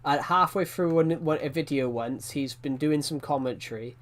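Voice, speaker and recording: Man in his twenties, game streamer, casual and jokey, laughs and swears, slightly high voice. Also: moderate pace. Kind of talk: casual live-stream chat.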